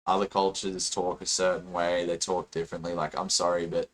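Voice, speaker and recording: A man's voice: deep voice, level tone, brisk. An Australian man hosting a podcast, talking casually with lots of fillers and the odd swear word. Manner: rambling, filler-heavy, swears freely. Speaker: podcast host and streamer. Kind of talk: casual chat.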